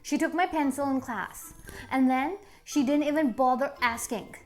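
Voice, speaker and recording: A woman's voice: high voice, moderate pace, loud music behind the voice, natural voice. A woman playing a sulky, angry schoolgirl with two ponytails in a coaching skit, whining and repeating her questions. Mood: indignant. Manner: whiny, repeats herself, childish nagging questions.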